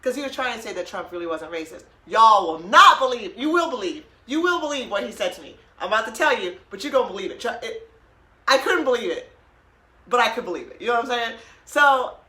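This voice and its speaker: A woman's voice: on the high side, pushed and bright. A woman hosting a podcast, telling a story with emphasis, laughing often and quoting what was said. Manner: emphatic, laughs often, quotes herself and others. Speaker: podcast host. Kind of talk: animated storytelling. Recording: roomy echo.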